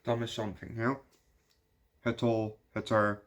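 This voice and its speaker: A man's voice: lowish voice, level tone, measured pace. A young man from the Netherlands with a Dutch accent, ranting casually in a movie review, swearing and saying "yo" a lot. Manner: rambling, swears a lot, says "yo" often.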